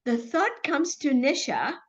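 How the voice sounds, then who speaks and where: A woman's voice: sits high, very animated, unhurried. A woman in a conversational interview, speaking animatedly, laughing often and acting out her own thoughts. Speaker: guest. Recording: dull lo-fi sound.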